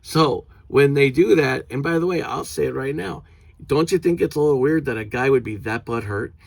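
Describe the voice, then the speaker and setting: Gravelly man on an angry rant. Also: normal speed, no room sound. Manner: indignant, swears a lot, mocking quotes in a high voice. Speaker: vlogger. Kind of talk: angry ranting vlog.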